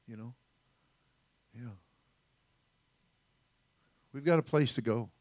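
A man's voice: medium pitch, expressive, moderate pace, a little mellow, no room sound. Folksy older male pastor, dry sound. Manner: folksy, rambling storytelling with asides. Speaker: senior pastor. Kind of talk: conversational sermon.

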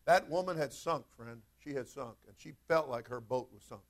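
A man's voice: medium pitch, normal speed. A male pastor preaching a sermon in a fervent, conversational way, often turning to speak straight to his congregation.

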